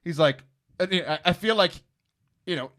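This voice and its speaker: Male podcast host, casual banter, very animated pitch, laughs a lot. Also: moderate pace. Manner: animated, laughs often, jumps into high exclamations. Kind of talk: casual chat.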